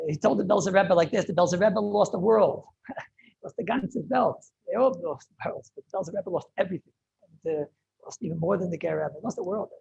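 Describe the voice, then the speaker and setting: A man, a rabbi, giving an impassioned Torah lecture over a video call, often halting and repeating words as he searches for them. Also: sits high, creaky, darkish tone, husky, muffled recording. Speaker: rabbi teaching a class.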